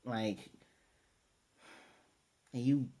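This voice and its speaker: A man's voice: mid-range voice, fairly even intonation, drawn-out words, dark tone. A man giving a casual, rambling recap and review of a cartoon episode, with exasperated commentary.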